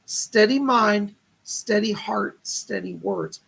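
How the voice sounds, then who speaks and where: A man's voice: high-pitched, fairly even intonation, takes it slowly, creaky, a bit bright. A man hosting a live stream as a psychic medium, giving earnest, reassuring readings and thanking donors with blessings.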